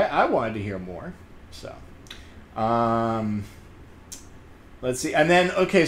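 Man, casual reviewer, rambles and laughs, echoey room, faint hum behind. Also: medium pitch. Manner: rambling, excitable, laughs often, many fillers. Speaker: comedian reviewing a TV episode.

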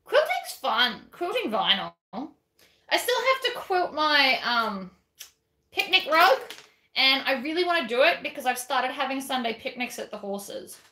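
A woman's voice: high-pitched, sing-song, unhurried, bright, forceful tone, reverberant. Chatty woman teaching a craft. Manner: chatty and self-deprecating, talking while working. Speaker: craft tutor. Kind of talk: casual craft tutorial.

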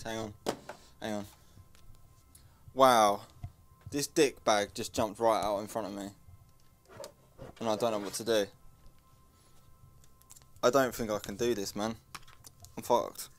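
A young man playing a horror game, muttering and swearing in panic and yelling when frightened. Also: lowish voice, steady tone, takes it slowly, long pauses, soft background music. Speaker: gaming YouTuber.

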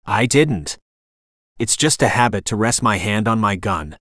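A man voicing an angry, defensive male cop who complains in a hoarse voice. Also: on the low side, animated, measured pace, fairly bright tone, no room sound, studio quality.

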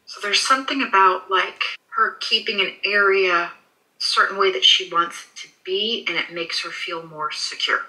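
A woman working as a pet psychic in a session, soothing and reassuring, often halting with fillers. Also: mid-range voice, pushed and bright, poor audio. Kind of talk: animal communication session.

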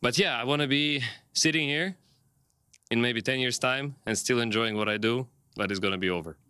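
A man's voice: mid-range voice, a little fast, sharp tone, clean tone, dry recording. A man being interviewed as a tennis player, talking in a frank, playful way and rambling through restarts and lots of "you know". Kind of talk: casual post-match interview. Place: interview set, indoors.

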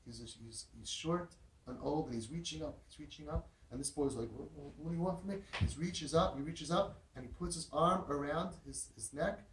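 A man's voice: a little high, moderate pace, fairly bright tone. A man telling a heartfelt story with emphasis, repeating words and using Yiddish and Hebrew terms. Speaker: parenting speaker. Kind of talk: storytelling talk. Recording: roomy echo, distant mic, faint noise.

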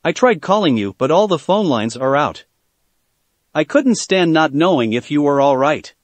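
A man reading the lines of a shy, devoted teenage ninja girl, soft and earnest, in his own voice. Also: low-pitched, lively intonation, moderate pace, no room sound. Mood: worried, relieved.

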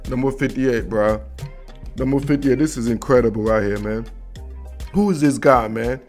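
A man's voice: medium pitch, normal speed, darkish tone. A man hosting a football film breakdown, talking in a hyped, slangy casual way and calling people "dog" and "bro". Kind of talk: excited casual film-room commentary. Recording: faint background music.

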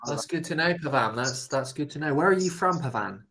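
Easygoing man, casual tutor chat over a video call, slightly high-pitched. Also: animated, brisk, fairly bright tone. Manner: easygoing, reassuring. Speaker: conversation tutor.

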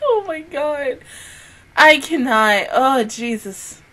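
A young woman hosts a casual reaction vlog with a bright, ringing, slightly high voice. She gushes and exclaims, swears without a second thought and keeps teetering between laughter and tears. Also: animated, takes it slowly. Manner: gushing, exclamatory, swings between laughing and tearful. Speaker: anime reaction channel host.

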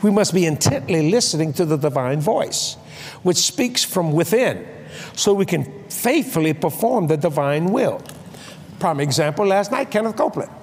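An older man preaching a sermon, telling comic stories and acting out voices with shouts and laughs. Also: fairly high pitch, expressive, normal speed, slightly rough. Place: large convention hall.

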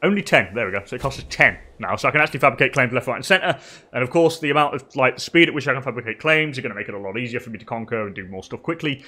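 An English man giving relaxed live commentary on a strategy game, chatting with viewers and laughing often. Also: mid-range voice, rapid-fire. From England. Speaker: streamer.

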